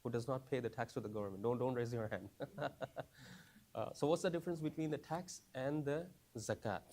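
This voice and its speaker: A man's voice: medium pitch, brisk, dark tone. Man teaching a class, asks many questions. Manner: repeats phrases, frequent "right?" and "you understand?". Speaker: teacher of a class for new Muslims.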